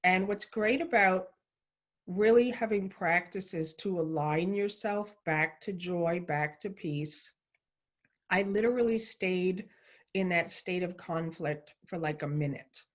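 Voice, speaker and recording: Casting: enthusiastic woman host, slightly low voice, effusive chatty delivery. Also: takes it slowly. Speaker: show host. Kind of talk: casual livestream show hosting.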